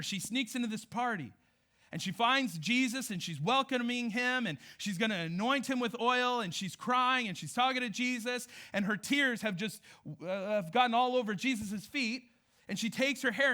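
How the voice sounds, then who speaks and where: A man's voice: high-pitched, sharp tone. A young adult man preaching a sermon in a church, retelling scripture as casual, conversational dialogue. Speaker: pastor.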